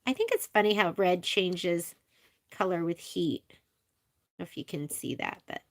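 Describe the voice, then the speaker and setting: A woman's voice: on the low side, measured pace. A woman chatting as she runs a live machine embroidery demo in a sewing shop, thinking aloud while she works. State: coughing at times.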